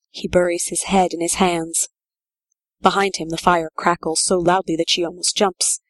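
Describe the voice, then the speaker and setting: A woman narrating a story in a measured, steady reading voice. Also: lowish voice, dry recording.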